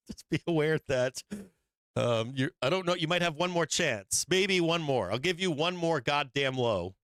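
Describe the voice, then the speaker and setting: A man's voice: on the high side, lively intonation, unhurried, a bit bright, clear, resonant tone, no room sound. A man hosting a live stock market show, giving blunt and profane trading commentary with frequent emphatic swearing and laughs between points.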